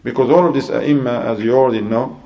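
Heard through lo-fi sound, a man preaches an Islamic sermon in English at a fast clip and a medium pitch. He acts out each side of a conversation in a spirited, climbing voice, his non-native English mixed with Arabic religious terms.

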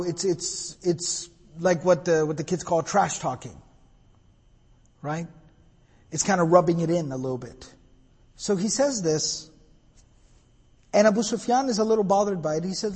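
A man's voice: sits high, normal speed, a little mellow, slightly rough, long reverb tail. A man preaching a sermon, retelling a story with quoted dialogue and explaining each part. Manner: retells dialogue, switches between Arabic and English.

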